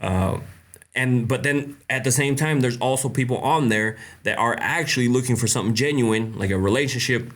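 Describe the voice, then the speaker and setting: A man's voice: mid-range voice, moderate pace, a bit bright. A young man hosting a casual live question-and-answer stream, blunt and joking, laughing often. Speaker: host.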